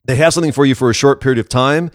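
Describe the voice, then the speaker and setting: A man co-hosting a casual podcast who rants with sarcasm and animated frustration. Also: mid-range voice, rapid-fire, no echo, studio quality. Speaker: podcast co-host. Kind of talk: casual wrestling commentary chat.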